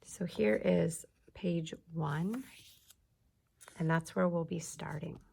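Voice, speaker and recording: A woman teacher leading an early reading lesson for young children, speaking slowly and clearly and drawing out her words. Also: on the low side, a little mellow. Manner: slow, clear teacher talk with drawn-out words.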